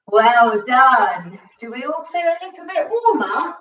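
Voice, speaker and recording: Woman, kids' gymnastics coach, out of breath, slow encouraging talk, echoey room, distant mic. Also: high voice, big pitch swings, a bit bright, dull audio. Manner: cheerful, encouraging, talks to young children, out of breath while exercising. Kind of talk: home workout class for children.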